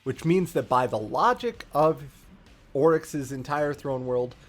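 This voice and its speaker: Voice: medium pitch, animated, unhurried, faint music behind. A streamer giving a casual, rambling and profane story recap with lots of fillers.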